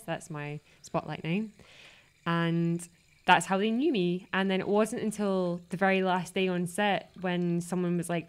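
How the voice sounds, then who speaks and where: Young woman, lowish pitch, lively storyteller who acts out what people said. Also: clear, resonant tone. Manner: chatty, animated storytelling with quoted voices. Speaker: podcast guest, actress. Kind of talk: casual chat.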